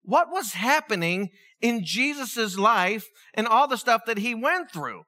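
A middle-aged man, preaching a sermon in a conversational, animated storytelling way. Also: very high voice, measured pace. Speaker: pastor.

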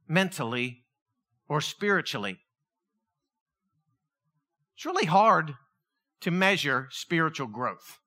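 A man preaching a conversational sermon, acting out quotes in an animated way. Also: sits high. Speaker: pastor.

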